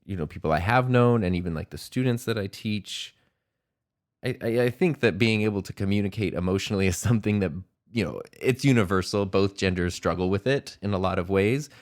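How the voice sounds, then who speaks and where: A man's voice: fairly low pitch, brisk. A man hosting a solo podcast, talking in a reflective, rambling way with frequent small laughs. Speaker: podcast host and teacher. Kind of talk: casual solo podcast monologue.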